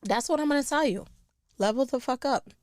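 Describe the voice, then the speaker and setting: A woman's voice: high voice, fairly quick, darkish tone, no room sound, clean studio sound. A middle-aged woman, a comedian hosting her own podcast, ranting bluntly with lots of swearing and laughing at her own jokes. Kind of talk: profane comedic rant.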